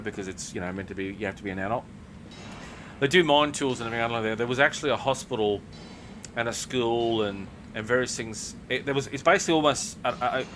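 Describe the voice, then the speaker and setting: A man's voice: lowish voice, fairly bright tone, a little hiss or hum. An Australian man streaming a video game, telling a long profane story with fillers and restarts. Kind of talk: casual storytelling while gaming.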